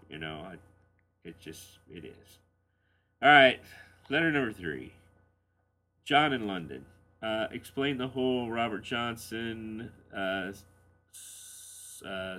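Middle-aged man, blues radio host, low voice, casual rambling letter answers. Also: bright, forceful tone, slight background noise. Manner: rambling and candid, with frequent fillers and chuckles.

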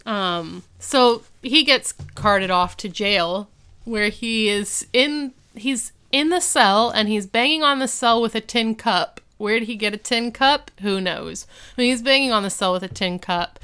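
A woman co-host recapping a sitcom episode in casual, rambling podcast chat. Her voice is bright and sharp-edged. She speaks smooth and clear, dotting her retelling with "like" and little fillers. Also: fairly high pitch, unhurried. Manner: chatty storytelling with lots of "like" and fillers.

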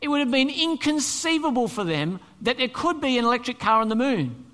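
A male pastor preaching a sermon, conversational and animated, asking the congregation rhetorical questions. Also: very high-pitched, a little fast, long reverb tail. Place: church hall.

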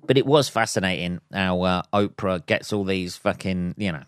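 Speaking at normal speed with hardly any pauses, a man with a low, smooth voice rants on his own podcast, swearing, laughing, and mocking others in fake voices. The sound is studio quality with no echo.

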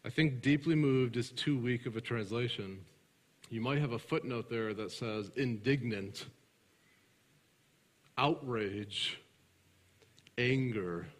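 A man preaching a sermon, alternating between loud emphatic passages and hushed, soft ones, and putting questions to his congregation that he answers himself. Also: mid-range voice, slow pace, long pauses. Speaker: pastor. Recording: reverberant large room.

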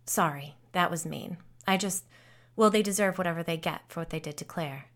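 A woman's voice: on the low side, normal speed, close to an everyday voice. A woman voicing a friendly, self-deprecating grown woman who is frightened of something from her childhood, in a storybook reading. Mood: chatty. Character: nervous grown woman haunted since childhood.

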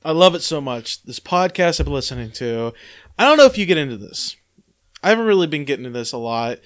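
A man's voice: a little high, very animated, fast. A man hosting a podcast in casual chat, rambling with many fillers and restarts. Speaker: podcast host.

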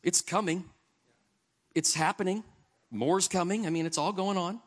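A man preaching a sermon in an earnest, conversational way, shifting between quiet reflection and emphatic stretches. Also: high-pitched, fairly even intonation, normal speed.

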